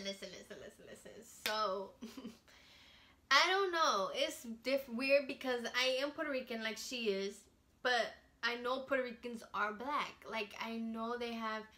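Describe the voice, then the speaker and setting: Outspoken woman vlogger, fairly high, bright voice, casual slangy chat.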